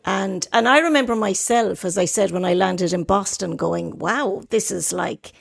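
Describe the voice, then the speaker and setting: Chatty Irish woman with a gravelly voice. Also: mid-range voice, normal speed. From Ireland. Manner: chatty, rambling, many fillers. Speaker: podcast host. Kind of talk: casual conversation.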